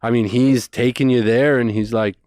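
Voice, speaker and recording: A man telling a story as a guest in a conversation, animated and rushing through details. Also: mid-range voice, smooth, no room sound, clean studio sound. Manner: animated, fast bursts of detail.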